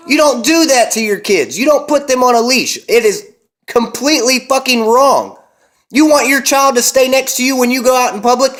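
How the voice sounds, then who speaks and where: A young man and parent delivering a heated, emphatic monologue, cursing often and slowing down to hammer his points. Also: very high-pitched, lively intonation, a bit bright. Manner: intense, emphatic, heavy cursing, slows to hammer key words. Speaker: vlogger and parent.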